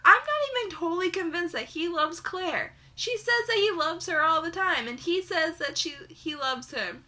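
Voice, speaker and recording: Young woman ranting about a book, high bright voice, super sarcastic, swears a ton. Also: normal speed. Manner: heated, sarcastic, swears constantly. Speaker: book reviewer. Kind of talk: profane book rant.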